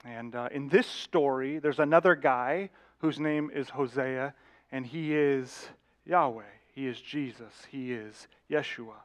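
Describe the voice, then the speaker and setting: A man's voice: medium pitch, unhurried, a bit bright. A male pastor preaching a sermon, telling a story vividly and addressing the congregation directly.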